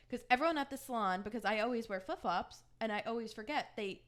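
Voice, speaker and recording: A young woman co-hosting a podcast casually tells a long story, animatedly acting out other people's lines in voices of her own. She talks fast, with a voice on the high side.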